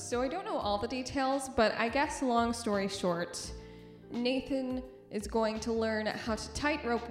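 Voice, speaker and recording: A young woman hosting a podcast in a casual, chatty monologue, with a slightly rough morning voice, joking at her own expense and laughing easily. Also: mid-range voice, echoey room. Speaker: podcast host.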